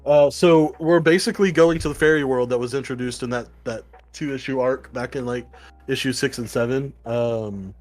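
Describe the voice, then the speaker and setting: Rambling, excited male podcast co-host. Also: mid-range voice, normal speed. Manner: excited, rambling, swears casually. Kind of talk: casual comic book review chat.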